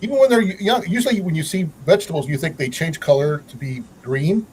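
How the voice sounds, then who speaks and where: A man's voice: fairly high pitch, fast talker, a little mellow, a little hiss or hum, low-quality recording. A man hosting a casual livestream chat, rambling with many fillers and restarts. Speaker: channel host.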